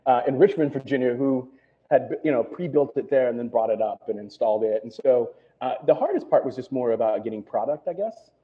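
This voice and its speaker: A man's voice: medium pitch, expressive, fairly quick. A middle-aged man, a restaurant owner, talking casually in an interview, rambling with lots of "you know" and "right?". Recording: tinny phone-like line.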